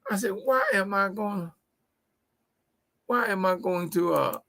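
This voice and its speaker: Gravelly, folksy man preaching business mindset. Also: sits high, unhurried, a bit bright. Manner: folksy, preachy, repeats key phrases. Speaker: host. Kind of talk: motivational business talk show.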